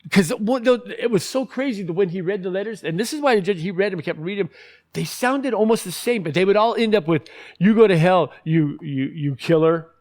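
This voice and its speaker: A man's voice: high-pitched, lively intonation, quick pace. A man ranting in casual commentary, heated and profane, rambling with many restarts.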